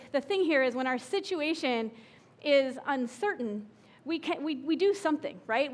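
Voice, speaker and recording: A woman pastor preaching a sermon in a conversational way, often asking the congregation questions. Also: sits high.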